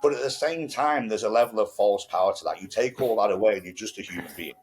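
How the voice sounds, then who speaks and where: A man's voice: lowish voice, fast, darkish tone, slightly rough. A man, co-hosting a podcast in casual conversation, telling stories bluntly with frequent swearing. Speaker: podcast co-host.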